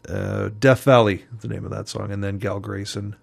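A man with a fairly low, gravelly voice hosts a community radio music show, speaking at a moderate pace. He back-announces tracks casually, relaxed and rambling with lots of ums.

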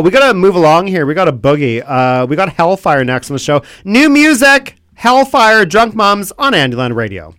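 Man, radio host, campy and rambling, lively swooping pitch, dry studio sound. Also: no room sound. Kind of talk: comedic talk radio banter. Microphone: studio microphone.

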